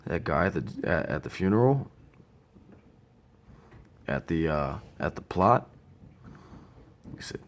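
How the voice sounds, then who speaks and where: Brief: man in his thirties, very low gravelly voice, lively swings in pitch, blunt profane storyteller. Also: takes it slowly, pauses often. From Ohio. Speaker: grieving older brother. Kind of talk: personal tribute monologue.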